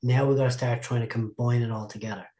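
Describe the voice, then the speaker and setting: A man's voice: medium pitch, steady tone, quick pace, mellow. A man, a martial arts instructor telling long, rambling stories in a casual interview, often repeating and restarting his words.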